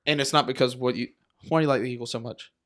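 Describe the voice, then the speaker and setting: A man's voice: medium pitch, steady tone, very fast. A man co-hosting a sports podcast in casual, profane, jokey chat, laughing often. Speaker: podcast co-host.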